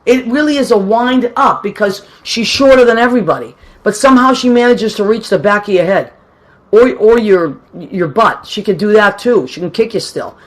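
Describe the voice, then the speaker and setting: Woman radio host, solo live chat, warm greetings for listeners. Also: medium pitch, animated, moderate pace. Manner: chatty and affectionate, greets people warmly.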